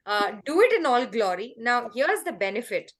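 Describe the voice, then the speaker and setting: A middle-aged woman coaching callers, animated and acting out little quotes as she explains. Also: fairly high pitch, moderate pace. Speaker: host and happiness coach. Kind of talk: coaching answers on a group call.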